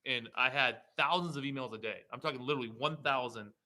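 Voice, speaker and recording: A man's voice: medium pitch, fast, pushed and bright, rough recording. A man who is a state representative, speaking heatedly and emphatically as a guest in a political interview. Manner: heated, emphatic, rising to indignation.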